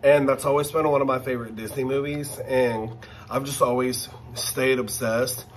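A man hosting a casual unboxing vlog, gushing and excitable as he talks straight to his viewers. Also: medium pitch, normal speed, a little hiss or hum. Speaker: channel host.

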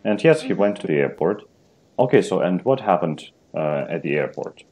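Deep-voiced male English teacher. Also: very animated, normal speed, a little mellow, husky. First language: Russian. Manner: reads a story aloud, then asks questions. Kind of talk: online language lesson.

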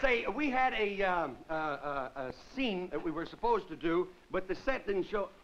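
A man's voice: high-pitched, expressive, moderate pace. A male comedian hosting a TV variety show, rambling goofily through a monologue and tripping over his words on purpose, on a dull, hissy 1950s broadcast. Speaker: comedian host.

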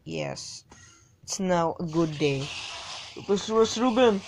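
A woman's voice: fairly low pitch, expressive, measured pace, a little mellow, slight background noise. A woman playing a story game, exclaiming and talking to the characters as she plays. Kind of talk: game commentary. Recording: game audio with faint music behind.

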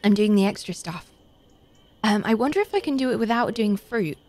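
A British woman streamer chatting casually as she plays, reading out chat and getting excitable. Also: mid-range voice, fairly quick. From Britain. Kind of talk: casual gaming commentary.

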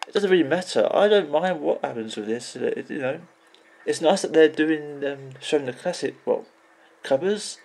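Gravelly man rambling over game images. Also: fairly high pitch, expressive, normal speed, darkish tone. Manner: rambling, swears casually, trails off and restarts. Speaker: gaming video creator. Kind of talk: casual commentary while browsing images.

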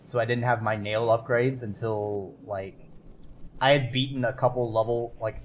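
A man's voice: on the low side, moderate pace, slight background noise. A man streaming a video game, talking to himself and his viewers, swearing and yelping at what happens on screen. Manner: excitable, swears and yelps at the game. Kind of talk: casual gameplay commentary.

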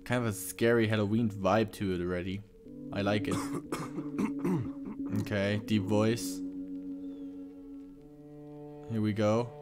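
A man's voice: fairly low pitch, level tone, moderate pace, over music. A man hosting a reaction video, chatting casually with lots of fillers and restarts. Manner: hesitant, many fillers and restarts.

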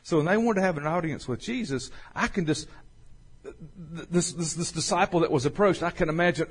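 A man preaching a sermon as pastor, slowing and swelling when he reads scripture. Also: a little high. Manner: folksy, swells louder and slower on scripture.

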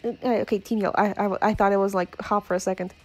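A woman's voice: medium pitch, steady tone, fast talker, soft background music. A woman giving casual, giggly, chatty commentary while playing a video game. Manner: giggly, chatty, self-deprecating. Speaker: let's-play host.

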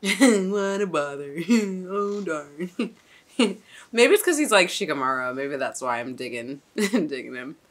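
A woman's voice: fairly low pitch, expressive, takes it slowly. A young woman hosting a casual anime reaction, chatty and exclamatory, swearing and laughing as she talks.

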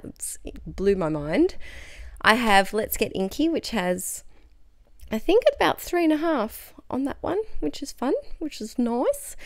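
A woman's voice: mid-range voice, vocal fry, smooth, no echo. Young woman doing a scrapbook voice-over, super chatty and enthusiastic, dry close mic. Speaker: scrapbooking crafter; teacher. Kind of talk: casual craft voice-over.

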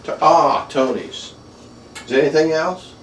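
A man's voice: fairly high pitch, measured pace, a crowd in the background. A man hosting a casual cooking show, exclaiming with enthusiasm over the food. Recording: roomy, from a distance, loud banjo music. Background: loud banjo music.

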